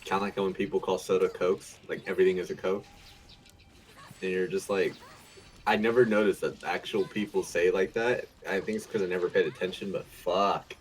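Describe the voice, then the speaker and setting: Laid-back, low-voiced man cursing bluntly. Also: steady tone, normal speed, low-quality recording. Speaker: streamer. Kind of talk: casual chat.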